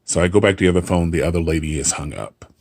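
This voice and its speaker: Brief: middle-aged man recounting a work story, husky and dry-sounding, casual with a wry edge. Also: low voice, fairly even intonation, fast, a little mellow, no room sound. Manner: conversational, re-enacting dialogue with dry humor. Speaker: hotel front desk clerk.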